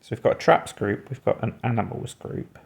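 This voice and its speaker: Male puzzle host, very gravelly and lively in pitch, musing aloud through guesses. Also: fairly quick. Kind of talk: thinking aloud while solving a word puzzle.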